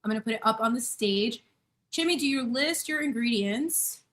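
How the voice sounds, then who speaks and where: This thirtysomething woman hosts a casual kitchen live stream from home, baking while chatting effusively and greeting viewers by name. Her fairly high voice is animated and a bit bright, at a moderate pace.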